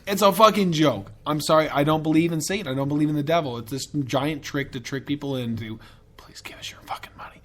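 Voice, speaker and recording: A man's voice: on the high side, quick pace, few pauses. A man hosting a podcast in a casual, rambling and profane way, with enthusiastic tangents. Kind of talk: casual chat.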